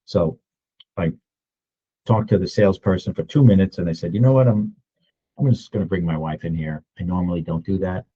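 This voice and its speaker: A man in his sixties telling a story in a casual, animated way, acting out other people's lines as he goes. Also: sits low, a little fast, breathy edge, muffled recording. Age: 60s. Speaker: real estate agent. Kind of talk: storytelling vlog.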